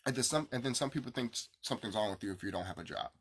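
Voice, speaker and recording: A man's voice: medium pitch, expressive, rapid-fire. A young man venting to his viewers in an angry, profane, repetitive rant. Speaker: vlogger. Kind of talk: ranting to camera.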